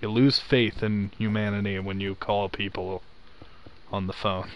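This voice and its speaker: A young man with a slight Southern accent hosts a podcast, chatting casually while gaming, joking around and laughing often. His voice is lowish, with a flat delivery and a measured pace.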